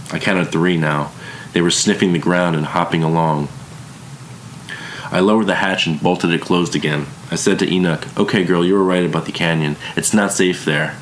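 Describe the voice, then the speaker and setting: A man narrating a first-person story in a calm, plain way. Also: deep voice, a little hiss or hum.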